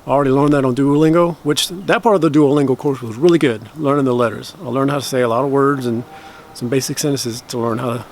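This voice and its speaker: A man's voice: medium pitch, creaky, a little hiss or hum. A man chatting casually to camera about learning a language, explaining at length and correcting himself as he goes. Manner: rambling, self-correcting explanations; slow careful practice of phrases.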